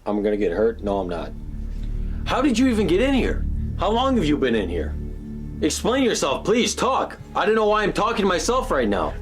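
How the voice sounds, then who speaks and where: A man's voice: a little high, wildly swooping pitch, brisk. A young man in a scripted investigation video, talking casually and questioning people with bro slang. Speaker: paranormal investigator. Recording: background music.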